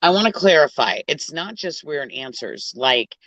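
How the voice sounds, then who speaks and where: A woman's voice: low voice, very animated, normal speed, a bit bright, dry recording. A woman co-hosting a podcast, chatting casually and stretching out her words. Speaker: podcast co-host. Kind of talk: casual chat.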